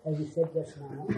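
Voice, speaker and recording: An older man recalling his time with his teacher for a small gathering, unhurried and often adding "you see". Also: on the high side, mellow, a little hiss or hum, poor audio. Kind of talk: reminiscing talk to a gathering.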